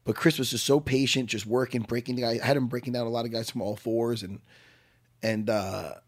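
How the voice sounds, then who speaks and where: A man's voice: medium pitch, steady tone, fairly quick. A man, a fight coach co-hosting a casual sports chat, rambling and leaning on "you know". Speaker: fight coach and podcast co-host.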